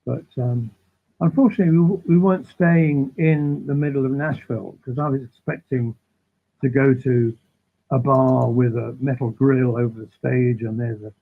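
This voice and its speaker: A man guesting on an interview, telling animated, rambling anecdotes that keep interrupting themselves. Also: mid-range voice, normal speed, creaky. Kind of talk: casual storytelling. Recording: tinny phone-like line.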